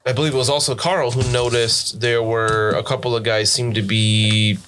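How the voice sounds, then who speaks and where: An American man runs a tabletop role-playing game as game master. He narrates in a chatty, easygoing way and laughs easily. His voice sits at an ordinary middle pitch. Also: steady tone, moderate pace, fairly bright tone, slight background noise. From United States.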